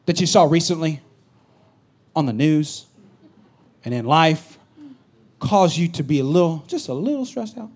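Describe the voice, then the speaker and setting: A man preaching a sermon, going from loud comic storytelling to a hushed, serious tone. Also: a little high. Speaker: pastor.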